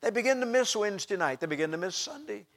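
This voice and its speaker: A middle-aged man delivers a sermon in a noticeably high voice. He preaches with passion, rising to loud outbursts and then dropping to hushed asides. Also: expressive, quick pace.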